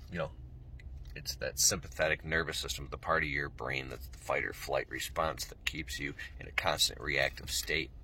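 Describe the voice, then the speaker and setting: A middle-aged man talking slowly and softly to his viewers about spirituality, meandering and yawning as he goes. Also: a bass voice, slightly rough. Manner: slow, soft, meandering, pauses often. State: yawning, tired. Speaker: spiritual vlogger. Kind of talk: casual spoken talk to camera.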